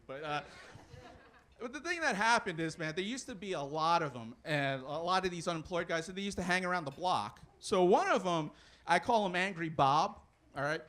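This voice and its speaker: A man's voice: high-pitched, animated, fairly quick, a bit bright. A young man doing a stand-up comedy set, rambling with plenty of fillers and restarts. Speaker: stand-up comic.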